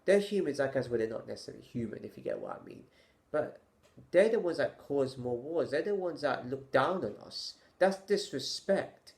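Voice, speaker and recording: A man vlogging his opinions to camera in a halting, stammering way, sighing with exasperation and firing off rhetorical questions. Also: mid-range voice, wildly swooping pitch, vocal fry, a little mellow.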